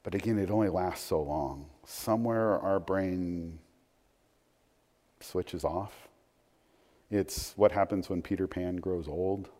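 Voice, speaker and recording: A man's voice: deep voice, takes it slowly, pauses often, mellow. A man preaching a sermon in a conversational way, with frequent restarts and asides. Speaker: pastor. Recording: long hall reverb.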